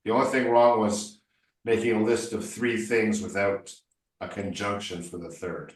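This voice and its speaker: A man's voice: fairly low pitch, flat delivery, normal speed. A man coaching a student one-on-one in spoken English, emphatic and playfully corrective. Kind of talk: one-on-one tutoring session. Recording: roomy echo, distant mic.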